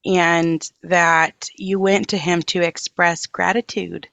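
A woman's voice: lowish voice, little pitch movement, slow, creaky, fairly bright tone, dry recording, muffled recording. A woman hosting a podcast interview, enthusiastic and affirming toward her guest. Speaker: podcast host.

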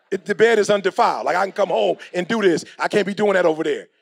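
A man's voice: sits high, gravelly, slightly rough. A middle-aged man giving a motivational speech in a preachy, slangy way, acting out the people he quotes. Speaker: motivational speaker.

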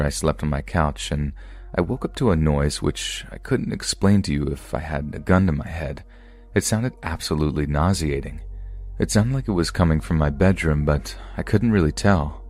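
A man reading true scary stories aloud as a podcast narrator, in a calm, even storytelling delivery. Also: a bass voice, dry recording.

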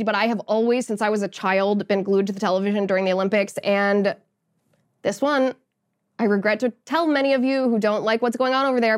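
A woman hosting a political podcast, giving indignant, sarcastic commentary. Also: mid-range voice. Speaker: podcast host.

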